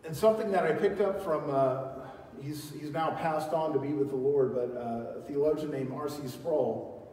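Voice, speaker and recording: Man, pastor, sermon, emphatic, slightly high voice, distant mic, long church reverb. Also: normal speed. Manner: emphatic preaching, swinging from loud calls to quiet teaching; leads the congregation in call-and-response. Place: large church hall. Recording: echoey hall, voice from far off.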